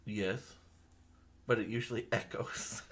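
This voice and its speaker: A woman co-hosting a comedic livestream, making slow, teasing remarks. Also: rumbling low, fairly even intonation, heavy background noise.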